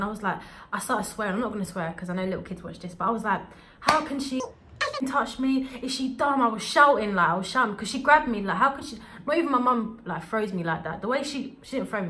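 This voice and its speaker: A young adult woman telling a storytime vlog in an animated, slangy way. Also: mid-range voice. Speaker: vlogger.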